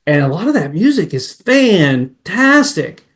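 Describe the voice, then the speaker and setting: A man who grew up in Massachusetts, a podcast guest chatting casually and jumping between memories with excited asides. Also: high-pitched, unhurried. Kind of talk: casual chat.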